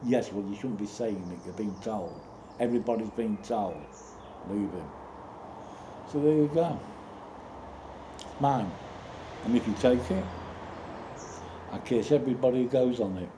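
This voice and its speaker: Rambling man, low voice, noisy outdoor echo. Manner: rambling, halting, with many restarts and sudden outbursts. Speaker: storyteller. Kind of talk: rambling personal monologue. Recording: roomy echo with loud background noise.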